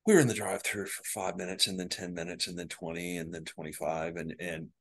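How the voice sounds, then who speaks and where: A man with a notably deep, low voice speaks as a psychologist guest on a podcast. He tells anecdotes in an earnest, conversational way, sprinkling in ums and you-knows as he goes. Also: steady tone, quick pace. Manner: earnest anecdotal storyteller with frequent fillers. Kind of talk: podcast interview storytelling.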